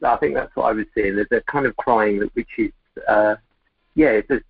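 A man calling in to a live show, speaking hesitantly and haltingly with many restarts. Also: on the low side, creaky, slightly rough, dry recording. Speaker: caller. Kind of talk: call-in conversation. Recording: tinny phone line.

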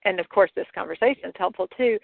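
A woman talking reflectively in a casual conversation, halting and restarting, with light laughs. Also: mid-range voice, gravelly, dry recording. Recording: tinny phone line.

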